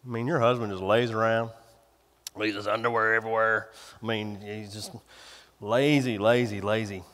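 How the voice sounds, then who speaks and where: A man's voice: on the low side, flat delivery, moderate pace, fairly bright tone, in a large hall, pitched below the performer's own voice, lightly acted. A man voicing a sly, sneaky tempter spirit that talks in a chummy, gossipy, wheedling way.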